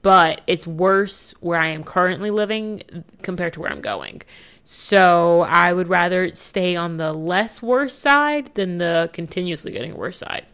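Young woman podcaster, lowish voice, rambly candid chat w little laughs. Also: a bit bright, clean tone. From United States. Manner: chatty, candid, laughs easily. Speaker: podcast host. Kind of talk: casual solo podcast chat.

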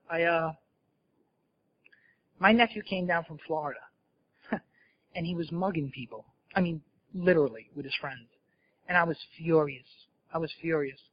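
A man shares his recovery story at a meeting, candid and self-mocking. His voice sits a little high. The recording is dull and lo-fi. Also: normal speed, long pauses. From New Jersey. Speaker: speaker sharing at a recovery meeting. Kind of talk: personal recovery talk to an audience.

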